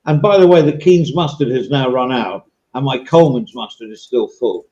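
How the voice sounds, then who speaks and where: A man's voice: medium pitch, normal speed, dark tone, highs cut off. Chatty English man in a roomy space. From England. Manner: chatty, rambling, swears casually. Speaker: podcast host. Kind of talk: casual chat.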